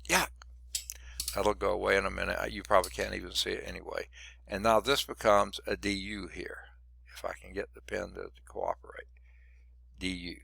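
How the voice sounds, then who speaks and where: A man who is losing his voice teaches a math lesson, working through each step out loud with muttered asides. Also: deep voice, gravelly, dry recording. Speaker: math instructor. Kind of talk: recorded lecture working through problems.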